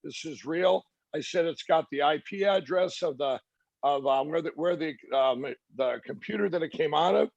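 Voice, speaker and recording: Gravelly man, halting and rambling. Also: a little high, no room sound. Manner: halting, many restarts and fillers, quoting others. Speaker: interview guest. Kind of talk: rambling storytelling interview. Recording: dry, dull lo-fi sound.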